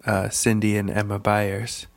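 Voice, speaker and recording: A man co-hosting a casual podcast, laid-back with a calm, soothing voice. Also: lowish voice, unhurried, vocal fry. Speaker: podcast co-host. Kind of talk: casual chat over beers.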